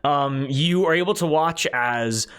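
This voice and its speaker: A man's voice: a little high, a little slow, a bit bright, a little hiss or hum. A man narrating as game master of a tabletop game, rambling with fillers. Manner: rambling, many fillers and restarts.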